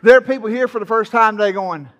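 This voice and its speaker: A man's voice: high voice, fast talker, long reverb tail, highs cut off. A man preaching a sermon to his congregation, folksy and playful, teasing the people in the pews. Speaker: pastor. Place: church sanctuary.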